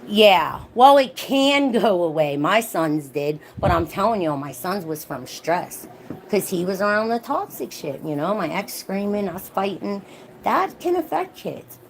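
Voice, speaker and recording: A woman's voice: medium pitch, lively intonation, a little slow, slight background noise. A young woman vlogger in a heated, profane rant, commenting on another mother. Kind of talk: ranting commentary vlog.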